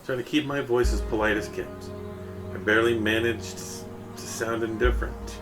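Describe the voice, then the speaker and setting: A man's voice: mid-range voice, normal speed. A man reads a first-person story aloud in a mid-range voice. His delivery is casual and he corrects himself along the way. Music plays steadily behind him. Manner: casual reading with self-corrections.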